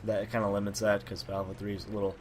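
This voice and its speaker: A lowish male voice, slightly raspy from a cold. He talks through gameplay in a loose, rambling way, full of fillers and mid-sentence corrections. He speaks into his own microphone, with a faint hiss behind him. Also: completely flat delivery, very fast. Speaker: gameplay commentator. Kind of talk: casual gameplay commentary. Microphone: personal microphone.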